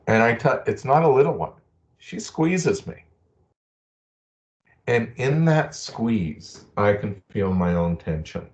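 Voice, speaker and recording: A man's voice: on the low side, very animated, slow pace, highs cut off. A middle-aged man giving a webinar talk, earnest and personal, telling stories from his own life. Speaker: presenter. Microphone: video call.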